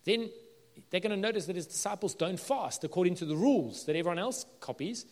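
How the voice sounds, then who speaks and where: A male pastor giving an earnest sermon, building to emphatic peaks and dropping low and slow for weight. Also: expressive, darkish tone, in a large hall.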